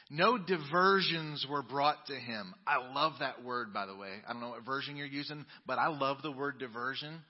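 A male pastor preaching a sermon, reading scripture dramatically and swinging between booming emphasis and soft asides. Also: moderate pace, big-room sound, dull audio. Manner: dramatic Bible reading with sudden loud and quiet turns. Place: church sanctuary.

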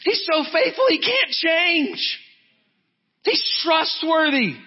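A man preaching a sermon as pastor, emphatic, swinging from high urgent peaks to low quiet lines. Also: big pitch swings, slow pace. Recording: dull lo-fi sound.

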